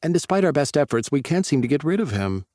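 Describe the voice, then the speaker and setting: A man's voice: on the high side, big pitch swings, fast talker, darkish tone, no room sound, clean studio sound, voice pushed up. A man voicing a teasing adult man who makes wry quips. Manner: wry, quipping.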